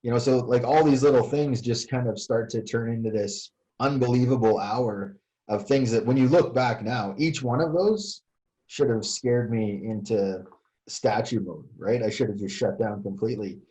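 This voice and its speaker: A man's voice: medium pitch, moderate pace, warm tone. An older man, a retired fire chief recounting events in a casual interview, hesitant with many fillers and restarts. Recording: dull lo-fi sound.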